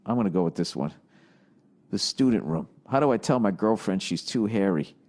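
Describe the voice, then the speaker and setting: A podcast host with a lowish, slightly mellow voice and lively intonation talks at a moderate pace. He reads listener questions aloud and riffs on them in a profane, exasperated comedic rant.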